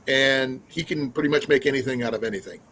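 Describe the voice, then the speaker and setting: A man hosting a relaxed live stream and chatting at an ordinary pitch. He rambles along, often stopping on fillers and restarting his sentences, with a faint hum of noise behind him. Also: fast talker, low-quality recording. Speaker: livestream host. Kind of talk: casual live-stream chat.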